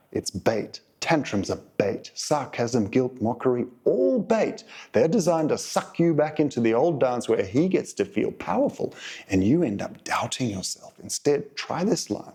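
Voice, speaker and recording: In a measured, unhurried coaching talk, the host of a relationship advice channel addresses his viewers. He has a husky voice at a medium pitch.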